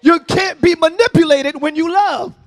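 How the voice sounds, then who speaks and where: A man preaching a sermon as pastor, often shouting. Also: very high-pitched, moderate pace, dry recording. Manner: shouting, sing-song preaching with call-and-response. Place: church service, before a congregation.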